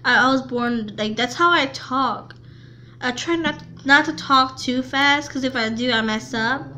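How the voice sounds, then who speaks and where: A woman vlogger chatting casually to camera, talking haltingly with frequent restarts and repeated words. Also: sits high, bright, forceful tone, a little hiss or hum.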